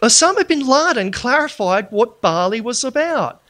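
Bright, forceful man lecturing. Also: extremely high pitch, sing-song, moderate pace. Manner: emphatic, with wry humorous asides. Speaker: public speaker. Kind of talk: lecture to a live audience.

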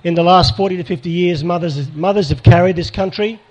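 A man's voice: high-pitched, brisk. A man leading a live church workshop, speaking directly to the crowd and asking people to raise their hands. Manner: pastoral and direct, asks audience for hands up. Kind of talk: live workshop talk to an audience.

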